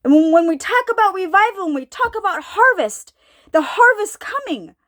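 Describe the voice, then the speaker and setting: In a very high, sing-song voice with a fairly bright tone, a woman preaches an informal sermon at a moderate pace. She thinks aloud in a searching way, often repeating herself and asking her listeners questions.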